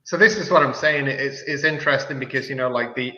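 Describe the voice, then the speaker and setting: A man's voice: medium pitch, fast, sharp tone, lo-fi sound. A man living in the States for ten years, chatting casually on a drinking stream and thinking aloud with many restarts. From outside the US, living in the States ten years.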